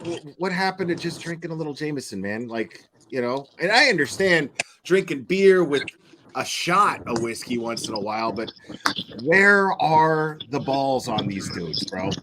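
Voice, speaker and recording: A man's voice: on the high side, very animated, normal speed, noisy background. A man co-hosting a casual, profane commentary chat, speculating aloud and reacting with incredulity. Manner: incredulous, speculative, laughs at his co-host.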